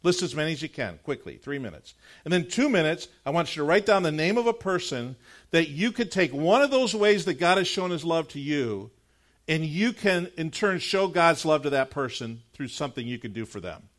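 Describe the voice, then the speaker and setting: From the pulpit, this middle-aged male pastor tells a personal anecdote in an animated, conversational way, filled with "like" and other casual fillers. His voice sits a touch high and jumps a lot, climbing at the humorous bits and settling down when serious. The sermon ends with a measured, earnest prayer.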